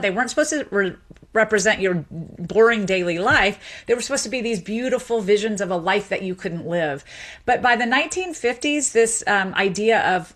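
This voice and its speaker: A woman, a sociolinguist, explaining speech and accents as a guest in a radio interview. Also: mid-range voice. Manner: lively explaining, quick asides.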